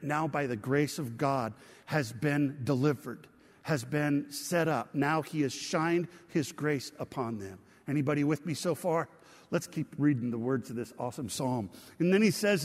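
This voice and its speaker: A man's voice: fairly high pitch, long reverb tail. A man preaching a sermon as pastor, reading scripture aloud and drawing the congregation in with questions. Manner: engaging, asks the congregation questions.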